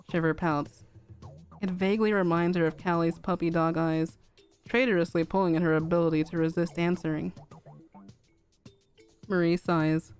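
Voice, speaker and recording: A young woman streamer narrating a fanfic aloud in a calm, even reading. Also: fairly low pitch, moderate pace, clean tone, soft background music.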